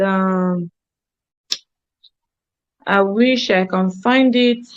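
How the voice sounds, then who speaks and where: A woman's voice: medium pitch, slow, pauses often, lo-fi sound. A woman teaching a live online graphic design class, emphatic and repetitive, often checking that students follow.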